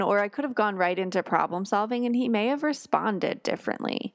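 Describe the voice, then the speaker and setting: Brisk and expressive, this medium-pitched woman speaks with vocal fry and few pauses, and there's no room sound. She's a parenting podcast host chatting casually on her own, warmly telling stories and performing quotes with sighs and exclamations.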